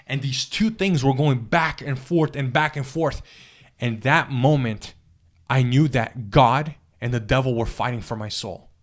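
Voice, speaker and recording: An earnest man tells his story in an interview, pausing, repeating himself and starting over. His voice sits at an ordinary middle pitch. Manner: earnest, halting storytelling with many restarts and fillers. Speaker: guest telling his testimony. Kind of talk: personal spiritual testimony in an interview.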